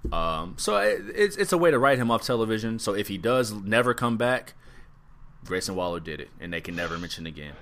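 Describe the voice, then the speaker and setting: A man's voice: on the low side, sing-song, fairly quick, a bit bright. A man co-hosting a casual podcast, musing in a laid-back way and trailing off with ums. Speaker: podcast co-host. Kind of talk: casual wrestling podcast chat.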